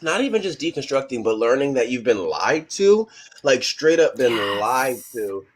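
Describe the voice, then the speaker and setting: A man on a casual podcast panel, speaking earnestly with halting restarts. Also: mid-range voice, big pitch swings.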